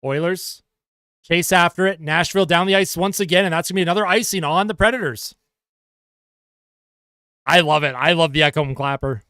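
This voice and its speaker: A young man calling hockey play-by-play as a fan on a live stream, getting excited over the action and chatting with his viewers in between. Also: high voice, fast, clear, resonant tone, no room sound, clean studio sound. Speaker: livestream host and hockey fan commentator.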